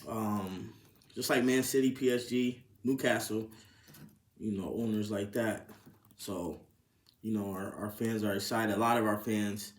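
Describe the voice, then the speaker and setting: A man's voice: lowish voice, fairly even intonation, a little slow. A man hosting a casual sports podcast, swearing freely and rising into incredulous outbursts. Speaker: podcast host. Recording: roomy echo.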